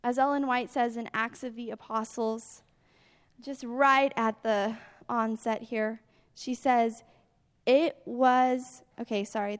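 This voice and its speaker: A woman with a high voice preaches slowly and deliberately. She sounds earnest, climbing into pleading prayers and then sinking soft. Her words ring with a long hall reverb. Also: steady tone, smooth. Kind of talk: sermon.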